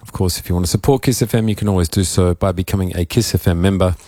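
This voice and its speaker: Australian male radio DJ with a croaky, very low voice, loose, joking, filler-heavy chat. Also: very fast, warm tone, no echo. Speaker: radio host and DJ. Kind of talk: casual live radio talk. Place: radio studio.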